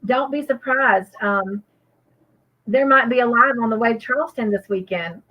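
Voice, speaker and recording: Woman, livestream co-host, rambling and earnest, slightly high voice, dull lo-fi audio. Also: moderate pace. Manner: rambling, many fillers and restarts; earnest and grateful. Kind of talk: casual livestream chat.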